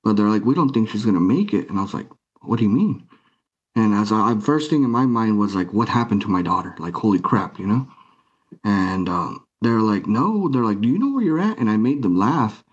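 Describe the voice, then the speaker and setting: A man with a low voice tells his own story with feeling. He acts out each exchange, voicing the others' lines as he recounts them. The sound is dull and lo-fi. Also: lively intonation, fairly quick, slightly rough. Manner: retells scenes by acting out quoted dialogue. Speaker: guest. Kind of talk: emotional personal storytelling. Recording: muffled lo-fi recording.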